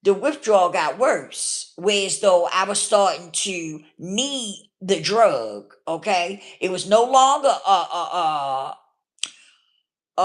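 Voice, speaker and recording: Blunt, casual woman vlogger with animated pitch. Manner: blunt, casual, keeps checking in with the listener. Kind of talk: candid personal storytelling.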